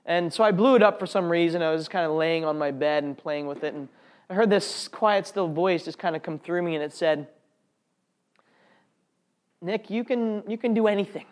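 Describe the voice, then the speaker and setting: A man's voice: a little high, brisk, clear, resonant tone. A man telling an audience his personal faith testimony in an earnest, heartfelt way. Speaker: speaker sharing a testimony.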